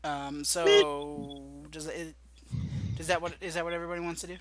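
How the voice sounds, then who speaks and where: A man's voice: fairly high pitch, fairly even intonation, moderate pace, crowd noise. A man hosting a casual podcast call, easygoing and laughing a lot as he steers the chat. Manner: laughs often, easygoing and unsure. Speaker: podcast host.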